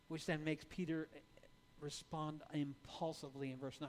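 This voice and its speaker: A man's voice: fairly high pitch, fairly even intonation, normal speed. A man preaching a sermon in a conversational way, with rhetorical "right?" asides and stammered restarts.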